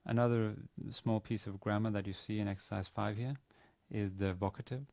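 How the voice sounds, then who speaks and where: Male university lecturer, low mellow voice, hesitant and explanatory, dry close sound. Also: steady tone, normal speed, vocal fry, dry recording. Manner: hesitant, explanatory, many fillers and restarts. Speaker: Arabic teacher. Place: university teaching room.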